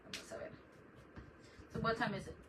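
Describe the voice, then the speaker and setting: A woman's voice: on the high side, wildly swooping pitch, a little fast. A middle-aged woman hosting a crafting live stream, chatting casually and greeting viewers by name. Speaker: crafting channel host. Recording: distant mic with noticeable background noise.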